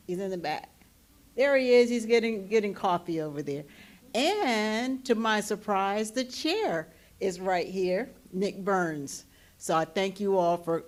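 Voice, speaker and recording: Woman, middle-aged, low-pitched, folksy and enthusiastic, welcoming a forum crowd. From North Carolina. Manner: enthusiastic, repeats words, folksy. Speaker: commissioner giving a welcome. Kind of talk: public welcome speech. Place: forum hall at a college.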